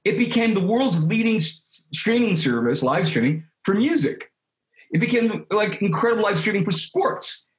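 A man guesting on an interview, talking in an animated, casual way with quick restarts and repeated words. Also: sits high. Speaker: interview guest, creative studio head. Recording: roomy echo.

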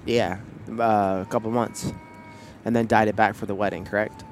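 A man's voice: on the low side, flat delivery, normal speed, slight background noise. A man hosting a podcast in casual chat, playful and teasing. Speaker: podcast host.

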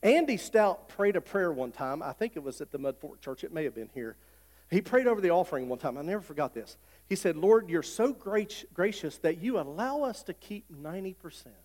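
A middle-aged male pastor, preaching a folksy sermon that swells into loud, repeated declarations. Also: high voice, very animated, brisk. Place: church sanctuary. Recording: long hall reverb.

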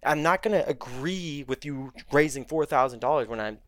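A man's voice: medium pitch, animated, normal speed, fairly bright tone, dry recording, studio quality. A man, a podcast guest, heatedly retelling a story in casual, profane talk.

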